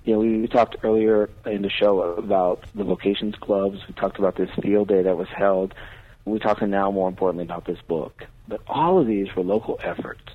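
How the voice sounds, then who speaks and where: A man's voice: lowish voice, a little fast. A man, a priest, talking earnestly on a radio talk show with a preaching cadence. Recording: tinny phone-line radio audio.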